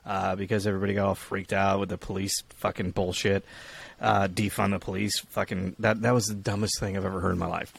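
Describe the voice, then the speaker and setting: A man's voice: low voice, flat delivery, fast, creaky, breathy edge. A man co-hosting a casual podcast, telling stories in a rambling, profane way and acting out the people in them. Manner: rambling, profane storytelling with acted-out quotes. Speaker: podcast co-host. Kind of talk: casual chat.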